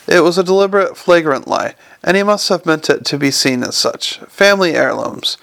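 A man narrating an audiobook with dry storytelling delivery. His voice is gravelly and a bit high, recorded close and dry. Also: animated, a little fast, a bit bright, dry recording.

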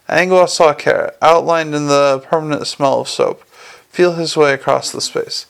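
A man reading a fantasy novel aloud as the narrator, in a steady storytelling manner. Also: a little high, moderate pace, gravelly, clear, resonant tone. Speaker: audiobook narrator. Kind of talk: scripted narration.

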